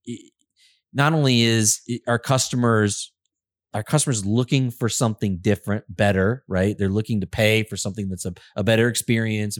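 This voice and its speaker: Man, middle-aged, low voice, rambling, casual podcast chat, dry close sound. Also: no echo. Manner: rambling, full of restarts and fillers. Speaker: podcast co-host, auto service consultant.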